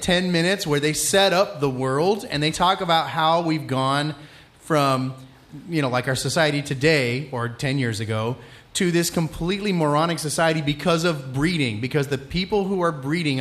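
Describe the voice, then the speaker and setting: A man's voice: a little high, a bit bright. A man who teaches, co-hosting a casual podcast chat, joking and chiming in. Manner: chatty, joking, quick interjections.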